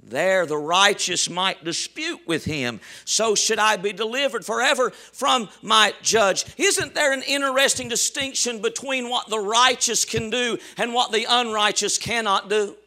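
High, bright impassioned male preacher. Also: measured pace, hardly any pauses. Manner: impassioned preaching with shouts and sudden soft drops. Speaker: pastor. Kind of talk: sermon.

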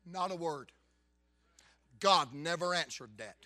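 A man preaching a fervent revival sermon, bursting into loud shouts. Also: on the high side, lively intonation, slow pace, dry recording.

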